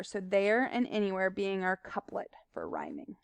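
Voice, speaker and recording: Smooth-voiced woman teaching. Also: medium pitch, very animated, moderate pace, few pauses, no room sound. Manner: explains plainly, with fillers and asides. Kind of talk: recorded slide lesson.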